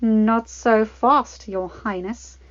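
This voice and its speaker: A woman's voice: fairly high pitch, steady tone, extremely slow, dry recording, dull audio. Woman putting on a taunting spiteful witch. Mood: sly. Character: scheming sorceress woman, mocking and spiteful.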